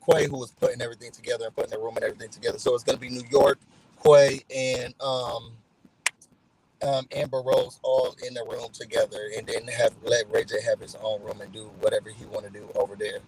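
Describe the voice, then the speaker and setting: A man with a medium-pitched voice talks briskly in a rough recording. He's casually recapping a reality show for his channel, telling the story with animation and acting out quotes in other voices.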